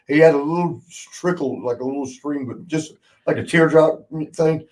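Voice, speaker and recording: Here's a podcast host and ex-wrestler with a slightly high voice at a normal speed. He spins casual wrestling road tales, laughing constantly, cursing without restraint, and voicing the quotes in lively fashion.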